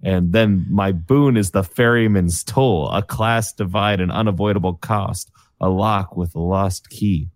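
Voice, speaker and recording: Man, very deep voice, dry close sound, enthusiastic, casual game chat. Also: measured pace, few pauses, no room sound. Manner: enthusiastic, talks through his character aloud. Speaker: tabletop game player. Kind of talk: casual chat over voice call.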